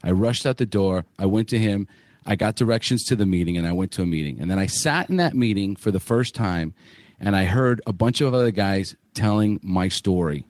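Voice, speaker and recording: A man's voice: fairly low pitch, animated, brisk, a little mellow, dry recording. Podcast man, candid and blunt, swears freely, dry close mic. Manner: candid, swearing, many fillers and restarts. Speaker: podcast host. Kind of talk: casual podcast story.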